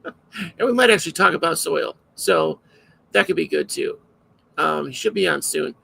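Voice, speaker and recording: A man's voice: fairly high pitch, animated, moderate pace, vocal fry, sharp tone, slightly rough, low-quality recording. A man hosting a live podcast alone, chatting casually in a rambling, self-interrupting way. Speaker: podcast host.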